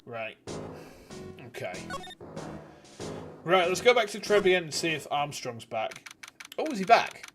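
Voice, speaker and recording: A man's voice: on the high side, big pitch swings, a little slow, pauses often, a bit bright. A man streaming a game, giving chatty, casual commentary and laughing often. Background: game music.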